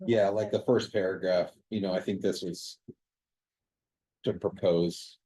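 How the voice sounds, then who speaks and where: Man, committee member in a meeting: very low, husky voice, relaxed delivery, dry close sound. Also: measured pace, no room sound, rough recording. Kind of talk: casual meeting discussion. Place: meeting room.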